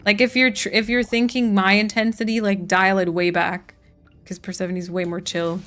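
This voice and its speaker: A woman's voice: medium pitch, little pitch movement, normal speed, a bit bright. A woman streaming a farming game, chatting casually with her viewers while she plays. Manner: chatty, reads and answers chat while playing. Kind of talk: casual gaming livestream chat.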